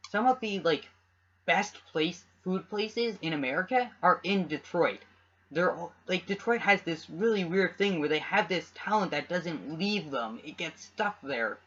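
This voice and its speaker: Co-hosting a casual podcast recorded at home in dull lo-fi quality, a young Canadian man rambles and keeps restarting his sentences. He has a high, expressive, fairly bright voice and speaks at a measured pace.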